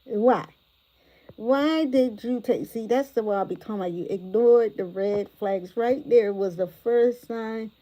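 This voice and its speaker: A woman hosting a livestream reaction commentary, animated and exclamatory, talking straight to her viewers from a phone or tablet. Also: on the high side, a little slow, rough recording. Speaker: commentary host.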